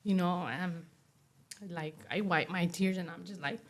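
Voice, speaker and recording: A woman being interviewed, telling a personal story in a halting way, full of fillers like "you know" and "like.". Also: on the low side. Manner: acts out other people's words while telling her story. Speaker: interview guest.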